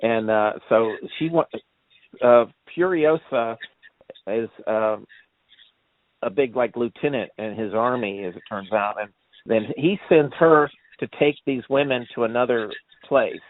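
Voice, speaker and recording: Here a man co-hosts an easygoing movie review talk at a measured pace, his voice mid-range. He rambles through stories, acts out quotes, and laughs often, heard dry over a tinny phone-like line with no room sound.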